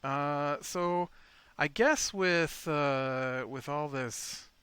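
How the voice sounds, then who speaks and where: A man's voice: on the high side, very slow, fairly bright tone, smooth, dry recording. A man rambling through casual gameplay commentary as a video host, chatting to his in-game pet dinosaur.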